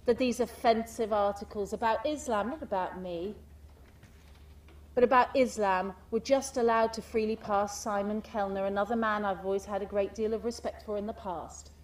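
A woman giving a speech to an audience, animated and full of rhetorical questions, mimicking the people in her stories. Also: medium pitch, normal speed, recorded from a distance. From United Kingdom. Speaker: speaker giving a talk.

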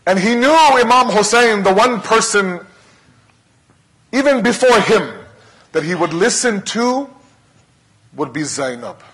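A man's voice: sits high, lively intonation, measured pace, long pauses, fairly bright tone, rough recording. A male preacher telling a religious story as a sermon, impassioned and dramatic, with much repetition.

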